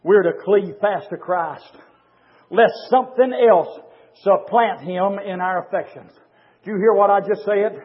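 A middle-aged man preaching a fervent sermon as pastor, hollering with sudden loud rises. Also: sits high, unhurried, long reverb tail. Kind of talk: fiery sermon. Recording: tinny, phone-like lo-fi recording.

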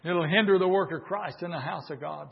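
High-voiced fiery preacher, shouting. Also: male voice, fairly quick, gravelly, highs cut off, a faint crowd. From southern Indiana, USA. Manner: fiery, swinging between shouted peaks and hushed pleading. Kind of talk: revival sermon.

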